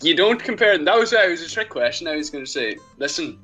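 A man's voice: big pitch swings, fast, pushed and bright, faint music behind. A man co-hosting a casual podcast, joking around and laughing often in loose banter with friends. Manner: jokey, laughs often, swoops high in pitch. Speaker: podcast co-host.

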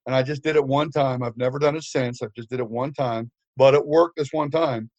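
A man's voice: mid-range voice, steady tone, fairly quick, darkish tone, dry recording, highs cut off. An older man preaching, telling a story with humor, with frequent fillers and restarts. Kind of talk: storytelling sermon.

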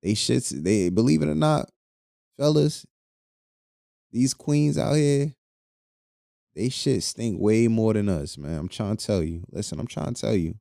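Low-voiced man ranting crudely on a podcast. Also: lively intonation, measured pace, vocal fry, long pauses, warm tone, dry recording, studio quality. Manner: crude, joking, loose and rambling, laughs often. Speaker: podcast host. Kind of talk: casual podcast rant.

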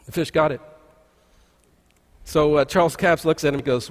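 High-voiced pastor preaching in a reverberant hall. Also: male voice, steady tone, normal speed, long pauses. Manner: folksy storytelling with frequent "uh" restarts. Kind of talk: conversational sermon. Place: church sanctuary. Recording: long reverb of a large church hall.

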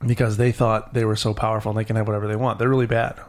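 A man hosting a podcast, retelling a myth to a child in an animated, storytelling way. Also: fairly low pitch, racing. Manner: animated storyteller, acting out characters. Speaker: podcast host.

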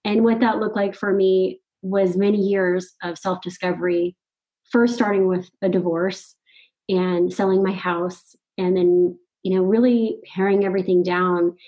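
A middle-aged woman recounts a personal turning point in relaxed podcast conversation. Her voice sits at a medium pitch, and she talks animatedly with frequent laughter. The audio is slightly dull and lo-fi. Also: a little slow. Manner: animated, laughs often, quotes her own thoughts. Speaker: podcast guest. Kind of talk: casual conversational storytelling.

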